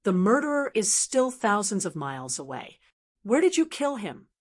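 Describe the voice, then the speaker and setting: A woman's voice: mid-range voice, sing-song, moderate pace, slightly rough. A woman reading a scornful male commander. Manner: snorting, doubtful.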